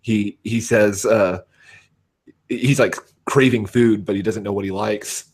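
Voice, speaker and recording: A man's voice: on the low side, steady tone, measured pace, slightly rough. A man with a West Coast American accent chatting on a livestream, hesitant and full of fillers. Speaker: stream guest. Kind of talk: casual livestream chat.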